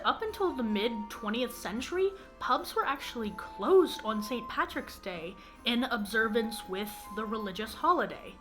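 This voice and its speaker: A woman's voice: fairly high pitch, a bit bright. Self-mocking woman explaining anthropology. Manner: self-mocking, academic nitpicking. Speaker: anthropology video creator. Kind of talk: educational vlog commentary.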